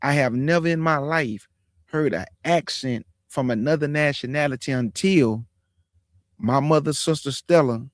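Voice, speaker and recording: A man in his forties, hosting his own show, telling a personal testimony in a casual, animated, folksy way. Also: on the high side, no room sound, clean studio sound. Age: 40s. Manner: animated, folksy, drawn-out emphasis. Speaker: show host.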